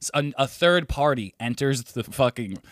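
Bright-voiced young guy on a podcast. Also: mid-range voice, expressive, normal speed, dry recording, clean studio sound. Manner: laid-back storyteller, swears, says dude a lot. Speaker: podcast co-host. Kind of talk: casual chat.

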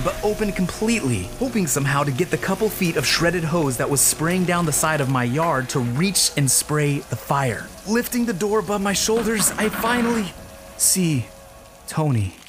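A man's voice: sits high, moderate pace, music in the background. Middle-aged guy telling a funny story about himself, voice swings up and down a lot. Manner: comic, self-mocking, animated. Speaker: narrator. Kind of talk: first-person storytelling.

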